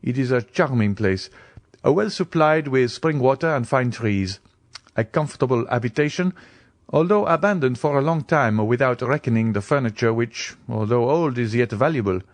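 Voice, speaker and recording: A narrator doing a fawning small-town notary, eager to please and quick to agree. The pitch bobs up and down, and the reading is recorded dry and close. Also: male voice, animated, no echo, lightly acted. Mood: obliging. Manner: eager, obliging. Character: fawning provincial male notary, fee-minded.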